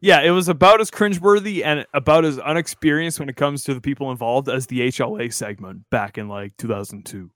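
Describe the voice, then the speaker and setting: A laid-back man chatting with a co-host, dropping wry asides and letting his sentences trail off. His pitch sits in the middle range. The recording is close and dry. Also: a little fast, hardly any pauses, a bit bright, no echo. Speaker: podcast co-host. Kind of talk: casual chat.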